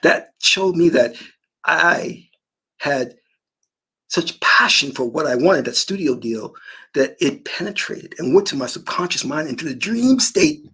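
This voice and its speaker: A man delivers a motivational talk on manifestation in a husky voice with big swings of pitch. He preaches emphatically, weaving personal stories into his points. His voice sits a little high for a man. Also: animated, measured pace, fairly bright tone. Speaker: spiritual manifestation teacher. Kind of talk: motivational spiritual monologue.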